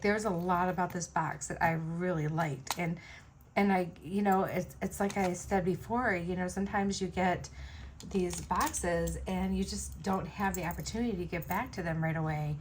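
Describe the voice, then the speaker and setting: Woman, casual rambling chat, lots of fillers, slightly low voice, faint background noise. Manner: chatty, rambling, many fillers. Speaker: jewelry-making vlogger. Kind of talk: casual chat while beading.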